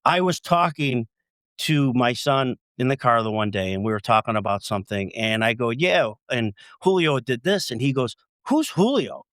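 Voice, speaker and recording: Earnest, halting man. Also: medium pitch, expressive, a bit bright, dry recording, studio quality. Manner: earnest, halting, repeating words. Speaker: podcast guest, close friend. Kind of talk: casual podcast chat.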